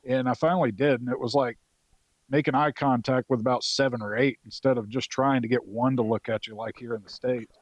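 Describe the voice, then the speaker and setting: A man's voice: medium pitch, fairly even intonation, brisk, no echo. A man around forty from North Carolina, a Marine veteran guest telling stories in a loose, profane way with lots of fillers. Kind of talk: casual storytelling.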